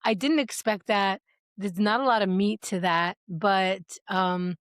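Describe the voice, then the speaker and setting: Woman podcast co-host, mid-pitched, animated and self-mocking, dry close mic. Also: unhurried, creaky, dry recording. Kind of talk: casual chat.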